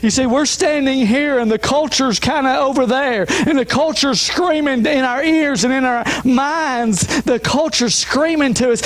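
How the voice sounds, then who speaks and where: A man's voice: very high-pitched, unhurried, few pauses, fairly bright tone. A man, a pastor, preaching an emphatic sermon with repeated refrains. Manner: emphatic, repeats refrains, urges listeners to listen.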